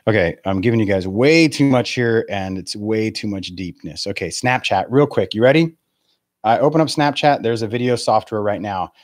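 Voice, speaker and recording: A man's voice: on the low side, normal speed, dry recording, clean studio sound. A man in his forties, a real estate coach giving a live video webinar in a blunt, profane, laughing rant. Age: 40s.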